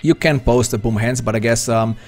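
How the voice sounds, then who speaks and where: A man's voice: medium pitch, fairly even intonation, brisk, soft background music. A man from Slovenia with a Slovenian accent, chatting hesitantly and rambling as he commentates his own poker stream. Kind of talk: live-stream commentary while playing.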